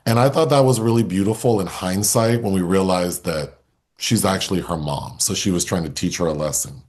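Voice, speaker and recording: A man co-hosting a film review podcast, relaxed as he recounts a plot step by step in casual conversation. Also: low-pitched, a little fast, slightly rough.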